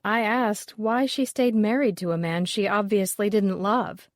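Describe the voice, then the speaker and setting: A woman's voice: medium pitch, fairly even intonation, unhurried, dry recording, natural voice. A woman reading a dry, dismissive woman appraiser.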